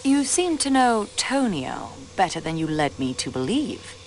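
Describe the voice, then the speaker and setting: A woman's voice: fairly low pitch, very animated, measured pace, darkish tone, a little hiss or hum, rough recording. A woman voicing a railway clerk turned detective, who questions suspects politely but pointedly and uses French courtesies, in a video game.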